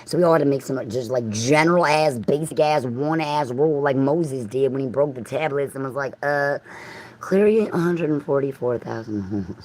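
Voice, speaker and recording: A woman's voice: rumbling low, moderate pace, few pauses, a little mellow, poor audio. Rambling, foul-mouthed woman livestreamer. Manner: profane, free-associating, talks straight at viewers.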